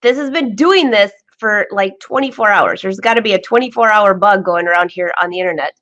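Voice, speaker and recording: A woman hosting a live sewing vlog from her home studio, chatty and excitable, laughing often. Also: medium pitch, a little fast. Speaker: vlog host. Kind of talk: live-streamed casual chat.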